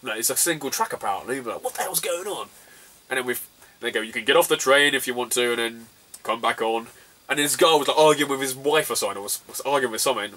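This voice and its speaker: Brief: young man, chatty storyteller, bright forceful tone, a bit off-mic. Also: medium pitch, quick pace, distant mic. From England, southwest. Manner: laughs often, swears freely, animated retelling. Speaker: retro gaming vlogger. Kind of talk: casual storytelling.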